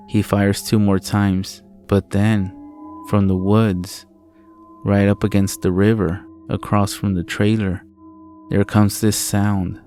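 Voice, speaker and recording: Deep, flat-voiced male horror narrator. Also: slow pace, faint music behind. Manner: low, steady storytelling with frequent swearing. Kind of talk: scripted narration of a first-person horror story.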